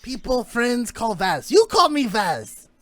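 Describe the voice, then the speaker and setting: Odd high-voiced male scientist voiced by a man, halting broken speech, for a tabletop game. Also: big pitch swings, fairly bright tone, dry recording, heavily acted. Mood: grateful.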